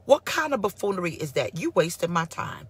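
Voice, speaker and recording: A woman pastor giving a casual live-streamed sermon, sassy and animated as she answers her online viewers. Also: on the low side, moderate pace, breathy edge. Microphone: phone or computer mic for live stream.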